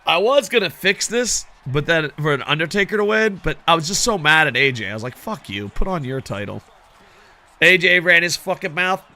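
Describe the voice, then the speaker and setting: A man giving casual, excitable video game commentary, swearing constantly and talking to his viewers as "boys.". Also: fairly high pitch, brisk, hardly any pauses. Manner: excitable, heavily profane, addresses viewers as boys. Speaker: gaming commentator.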